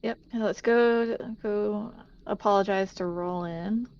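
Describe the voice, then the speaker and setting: A woman's voice: mid-range voice, steady tone, slow, a little mellow. A woman playing a tabletop game, speaking briefly and matter-of-factly. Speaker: player. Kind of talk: casual tabletop game chat. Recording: dry dull lo-fi mic.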